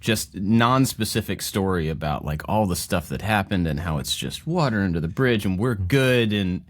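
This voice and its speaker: A man's voice: deep voice, animated, moderate pace. A man hosting a casual podcast chat, teasing his co-hosts and laughing often. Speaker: podcast co-host.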